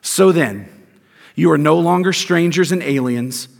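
A man preaching a sermon as pastor, emphatic, with rhetorical questions and deliberate stresses. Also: on the high side, creaky. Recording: long hall reverb.

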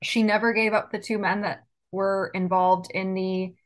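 A woman co-hosting a book podcast, summarizing in a relaxed way with hesitant fillers. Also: mid-range voice, moderate pace. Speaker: podcast co-host. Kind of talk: casual book club chat.

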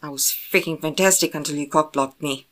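A woman reading a blunt, gruff man. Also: low voice, a little fast, a bit bright. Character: gruff, blunt grown man, lover and hunter.

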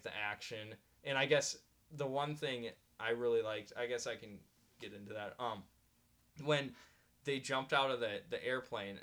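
A man's voice: medium pitch, a bit bright. A man co-hosting a podcast, chatting casually and rambling with many fillers and frequent laughs. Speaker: podcast co-host. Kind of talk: casual chat.

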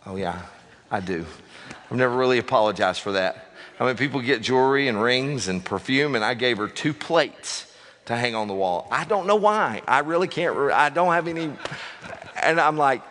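A middle-aged male pastor preaching in a chatty, rambling way that pokes fun at himself. He trips over his words and starts sentences again, at an ordinary pitch for a man. The voice rings out with a long reverb in a large church hall. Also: fairly bright tone. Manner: conversational, rambling, self-deprecating, with frequent restarts. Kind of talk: sermon.

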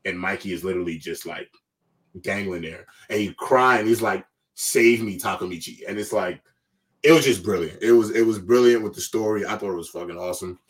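A man's voice: sits low, fairly quick, distant mic. A man hosting a casual panel talk show, speaking loosely with slang and emphatic asides. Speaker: show host.

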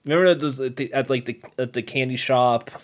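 A man's voice: medium pitch, a little fast. A man co-hosting a casual chat show, joking and teasing his friend. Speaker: podcast co-host.

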